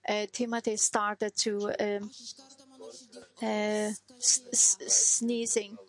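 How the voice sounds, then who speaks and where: A middle-aged woman giving a personal testimony as a mother, speaking halting, non-native English with many hesitations and restarts. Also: mid-range voice, level tone, poor audio.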